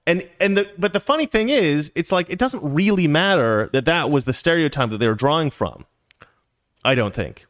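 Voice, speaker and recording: Animated, rambling male storyteller. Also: a little high, normal speed. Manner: rambling, animated, with many restarts and asides. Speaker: vlog host telling a personal story. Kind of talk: casual storytelling.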